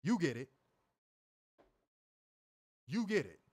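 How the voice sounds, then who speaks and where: His voice is fairly high and husky, and he talks at a slow pace as a co-host reviewing wrestling. He rants casually and animatedly, cursing freely, doing voices, and laughing loudly.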